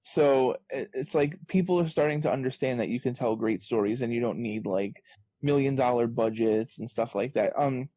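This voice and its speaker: Male podcast guest, animated storyteller, dry close sound, mid pitch. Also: normal speed, dry recording. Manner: animated storyteller, acts out quoted exchanges. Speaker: interview guest, author. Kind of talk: casual podcast conversation.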